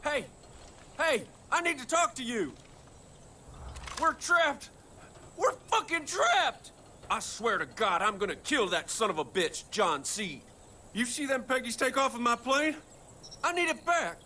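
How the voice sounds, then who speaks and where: A frantic, desperate pilot. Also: male voice, extremely high pitch, very animated, normal speed, pushed and bright, slight background noise, heavily acted. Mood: panicked. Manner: panicked, pleading, swears. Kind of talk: video game dialogue.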